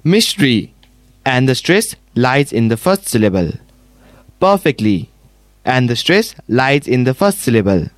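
A male student reads his group's answers to the class, one word after another in a steady repeated pattern. His pitch moves about lively, and the sound is dry and close. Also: normal speed, few pauses, no echo.

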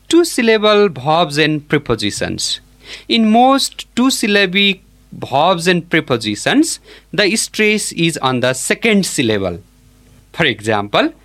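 A man teaching an English pronunciation lesson, modelling each word slowly and deliberately. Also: a little high, very animated, fairly bright tone.

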